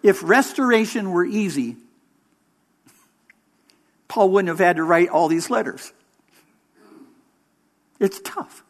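Speaking slowly with frequent pauses, a male interim pastor preaches a sermon in a high-pitched voice with lively intonation. His measured, emphatic delivery leans hard on key words.

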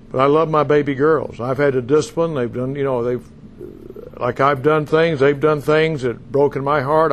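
A man's voice: on the high side, a little hiss or hum. An older man preaching and teaching a congregation, folksy and emphatic, calling out questions to the room. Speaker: pastor and teacher. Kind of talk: sermon teaching.

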